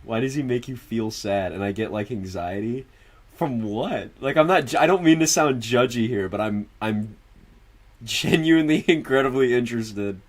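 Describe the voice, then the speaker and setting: A man's voice: medium pitch, moderate pace. A man livestreaming, chatting loosely and profanely with viewers, laughing often and answering them directly. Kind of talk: casual stream chat.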